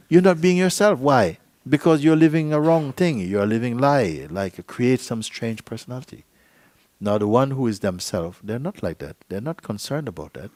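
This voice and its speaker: A man teaching at a spiritual gathering, dropping into playful acted-out exchanges and frequent laughter. His mid-pitched voice rises and falls widely as he mimics people. The sound is close and dry. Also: a little mellow, no echo. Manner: playful, acts out dialogue, laughs often. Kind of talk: satsang talk. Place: meeting hall.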